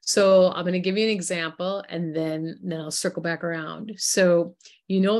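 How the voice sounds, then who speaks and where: A woman guest author in an interview, telling animated stories and acting out the voices of the people in them. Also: on the low side, normal speed. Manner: animated storytelling, acts out quoted voices. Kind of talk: interview conversation.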